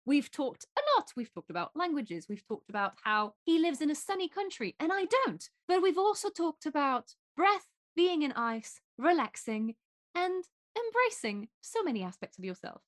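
A woman's voice: high voice, sing-song, moderate pace. A woman hosting a podcast, upbeat and playful in casual interview chat. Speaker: podcast host.

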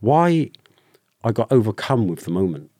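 A British man, a former soldier, telling a personal story openly in a podcast conversation, with halting restarts. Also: fairly low pitch, animated, a little mellow, no room sound, clean studio sound. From Britain. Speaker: guest, ex-soldier.

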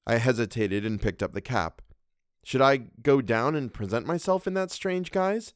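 A man reading a classic story aloud as a podcast narrator, with measured, even storytelling. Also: mid-range voice, dry recording, clean studio sound.

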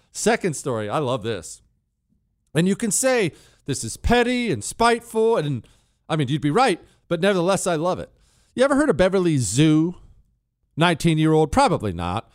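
A man in his forties hosting a solo talk radio show, ranting sarcastically and mocking with bursts of laughter. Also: fairly high pitch.

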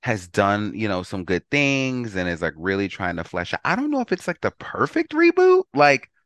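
A man's voice: lowish voice, very animated, normal speed, fairly bright tone, smooth, no echo, studio quality. A man guesting on a podcast in casual chat, weighing his views with hedges and fillers. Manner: thoughtful, hedging with fillers.

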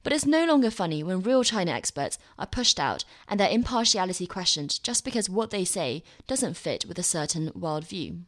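A woman reading her own opinion column aloud with a wry, lively delivery. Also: fairly low pitch, moderate pace, hardly any pauses.

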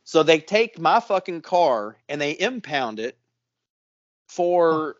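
A man with a slightly high voice spins a rambling story in casual podcast chat, with swearing in nearly every line. The sound is dry and close. It is also somewhat muffled and lo-fi. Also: slow, no echo. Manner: profane, animated storytelling. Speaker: podcast co-host.

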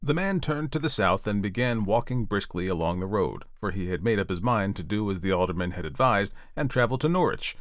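A man reading a storybook aloud, expressive and playful, with chatty asides to the listener. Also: on the low side, fairly quick, hardly any pauses, no echo, clean studio sound.

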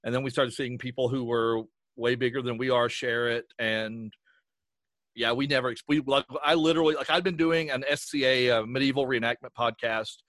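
A man's voice: medium pitch, steady tone, fairly bright tone, no room sound. Dry-sounding chatty man from Southwestern Virginia. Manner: rambling, self-deprecating, quick restarts. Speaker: podcast guest, audio drama creator. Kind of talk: casual podcast conversation.

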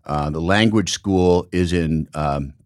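A middle-aged man from Illinois, hosting a podcast and telling rambling, animated stories in casual conversation. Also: low voice, slow, no room sound, clean studio sound. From Illinois, United States. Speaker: podcast host.

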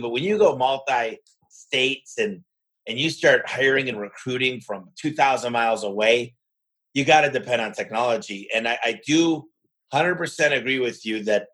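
A man who owns a home services business, talking in a lively podcast conversation and acting out the exchanges he has with other owners. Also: mid-range voice, rough recording. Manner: animated, acts out his own conversations in quoted voices.

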